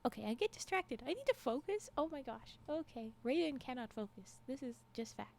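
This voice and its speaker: A woman's voice: sits high, very animated, fairly quick, creaky, darkish tone. A woman streamer chatting casually and reading a story aloud, giggling often and breaking into exclamations. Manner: giggly, exclamatory reactions to chat.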